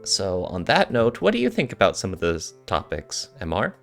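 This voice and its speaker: A man co-hosting a podcast, talking in a lively, upbeat and wordy way. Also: low-pitched, moderate pace, gravelly, faint music behind. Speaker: podcast co-host. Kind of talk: casual podcast chat.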